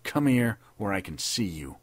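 A man's voice: on the low side, very animated, moderate pace, slightly rough, dry recording. A man voicing a stern, bitter army captain who barks and sneers his questions. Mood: menacing. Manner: barking, sneering and savage.

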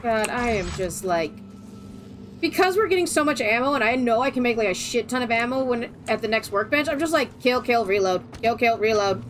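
A woman's voice: a little high, lively intonation, fairly quick, background noise. A woman streaming a co-op game, talking bluntly and with exasperation and swearing freely. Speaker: let's play streamer. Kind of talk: casual co-op gameplay chat.

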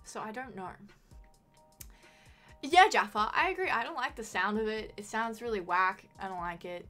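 A woman's voice: medium pitch, expressive, normal speed, fairly bright tone, faint music behind. A young woman with a mild Australian accent, chatting casually on a live stream, swearing freely and reading chat aloud.

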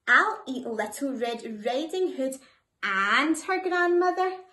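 A woman voicing a greedy, sly big bad wolf in a children's storybook, speaking low and drawn-out. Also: animated, sharp tone, full character voice. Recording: echoey room.

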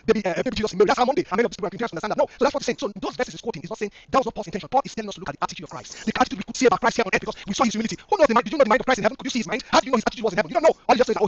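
A man's voice: high voice, dull audio. A man making an impassioned case in a debate, pressing point after point and stumbling over restarts. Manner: impassioned, rapid-fire argument with repeated restarts. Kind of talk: online debate argument.

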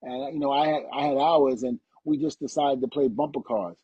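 A man's voice: mid-range voice, normal speed, dark tone, slightly rough, no echo, dull audio, natural voice. Man doing a brash careless buddy. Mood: blasé. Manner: exasperated, blustery. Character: gruff male tag-team partner, brash and careless.

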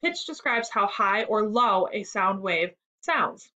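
A woman reading the lines of a patient adult male musician who explains clearly. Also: mid-range voice, expressive, slow pace, sharp tone, lo-fi sound. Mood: explaining.

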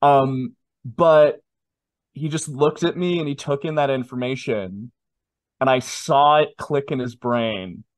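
A man in his twenties, telling a personal story in a casual interview with animated, self-deprecating asides. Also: medium pitch, slow, no room sound. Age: 20s. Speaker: guest.

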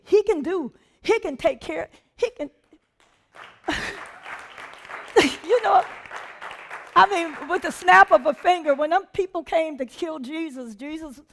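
A woman with a high, light voice preaches a sermon in a chatty, animated way. She acts out what people say and laughs easily as she teaches. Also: moderate pace, some chatter behind. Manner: animated, conversational preaching with laughter and acted-out quotes.

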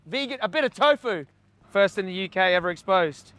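A man's voice: sits high, lively intonation, a little fast, fairly bright tone, no room sound. A man, an animal rights activist confronting people outdoors by a slaughterhouse, blunt and swearing, recorded on a handheld camera. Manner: blunt, heckling, swears a lot.

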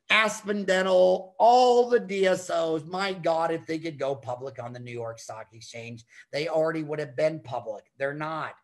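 A middle-aged American man with a high-pitched voice gives an animated conference talk. He tells stories emphatically, swinging between loud punches and quieter asides. He talks as a seasoned dentist sharing business advice. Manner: emphatic, storytelling, quick shifts in loudness. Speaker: dentist and podcast host.

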